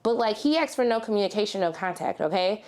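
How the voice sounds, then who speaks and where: A woman's voice: mid-range voice, expressive, fast talker, a little mellow. A woman chatting animatedly as a TV reviewer, slangy and talking straight to her viewers. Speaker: TV show reviewer. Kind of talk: casual review chat with personal story.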